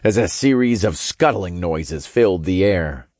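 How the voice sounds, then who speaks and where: A man narrating a first-person novel in a steady storytelling manner with casual swearing. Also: deep voice, measured pace, no echo, studio quality. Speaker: audiobook narrator.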